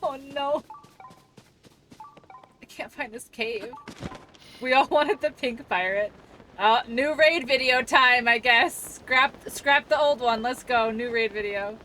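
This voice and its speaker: Bright-voiced chatty young woman streamer. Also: a little high, slow, long pauses, soft background music. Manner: chatty, rambling and laughing, reads chat aloud. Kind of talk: casual live-stream chat while gaming. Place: at home.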